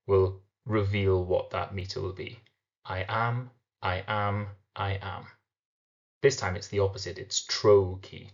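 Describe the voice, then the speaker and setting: A man teaching a recorded literature lesson, explaining step by step and slowing down to sound out syllables. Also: on the low side, darkish tone, highs cut off.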